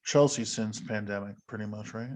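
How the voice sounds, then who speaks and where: A man's voice: on the low side, fairly even intonation, brisk, background noise. A man hosting a podcast in casual chat, rambling and self-deprecating, laughing often. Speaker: podcast host.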